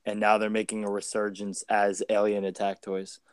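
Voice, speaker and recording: Young male podcast co-host, dry close mic, clear tone, jokey and loose. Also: on the low side, completely flat delivery, normal speed, no echo. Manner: joking, swears, acts out bits. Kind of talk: casual chat.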